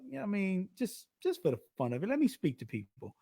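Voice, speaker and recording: Animated man talking in a raised pitch. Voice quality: deliberately raised speaking pitch. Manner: animated, goofy, dramatic storytelling. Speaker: guest songwriter and live-stream host. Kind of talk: casual interview chat.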